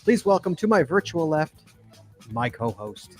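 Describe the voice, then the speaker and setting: A man's voice: a little high, very animated, a little slow, darkish tone, soft background music. A man hosting a live call-in podcast, upbeat and chatty, repeating himself as he hypes up callers. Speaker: podcast host.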